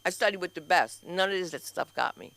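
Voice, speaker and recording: A woman doing a stand-up comedy set and hosting an open mic, loud and animated, acting out the people in her stories. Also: on the low side, a little fast, creaky, no echo. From New York. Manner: loud, animated storytelling with acted-out quotes. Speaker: comedian and host. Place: small comedy club stage.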